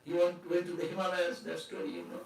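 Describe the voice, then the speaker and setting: A man's voice: sits high, big pitch swings, quick pace, creaky, recorded from a distance, faint music behind. Man preaching in an echoey hall. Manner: conversational, with laughs and rhetorical questions. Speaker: swami giving a talk. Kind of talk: sermon.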